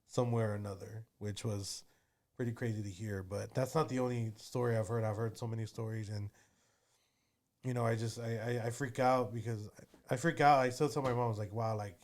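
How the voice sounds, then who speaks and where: A man's voice: medium pitch, a little mellow. A man, telling stories as an interview guest, rambling with many fillers. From Texas. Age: 30s. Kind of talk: casual storytelling.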